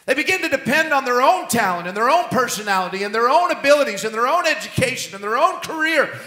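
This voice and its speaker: A man preaching a sermon as senior pastor, emphatic and animated. His voice is high and bright, jumping from loud bursts to hushed asides. It rings out in a roomy, echoing hall. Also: fast.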